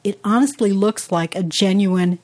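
A woman co-hosting a relaxed podcast conversation. She talks in a chatty, meandering way, circling back with restarts and side remarks, her voice sitting in an ordinary middle register. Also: mid-range voice, normal speed. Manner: chatty, rambling with restarts and asides. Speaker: podcast co-host. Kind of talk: casual conversational chat.

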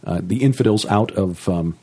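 A man co-hosting a casual podcast chat, speaking in a measured, hesitant way with frequent pauses. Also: fairly low pitch, mellow, slightly rough. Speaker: podcast co-host.

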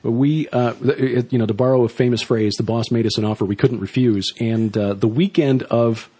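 A man co-hosting a podcast in casual chat, rambling and halting with many fillers, and reading a scripted outro. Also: medium pitch, fairly even intonation, mellow, breathy edge. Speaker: podcast co-host.

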